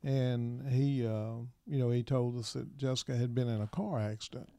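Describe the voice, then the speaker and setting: A middle-aged man and minister, telling his personal story in an interview in a soft, halting way, with many pauses and restarts. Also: mid-range voice, fairly even intonation, dry recording.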